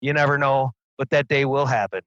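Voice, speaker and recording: Upbeat man with a bright forceful voice. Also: medium pitch, steady tone, a little fast, no echo, dull audio. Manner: enthusiastic, laughs often, repeats words. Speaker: podcast co-host. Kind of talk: casual podcast chat.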